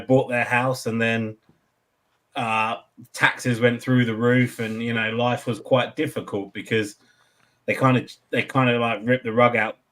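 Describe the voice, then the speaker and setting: English male guest, 40s, low flat delivery, relaxed and earnest. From England. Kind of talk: casual chat.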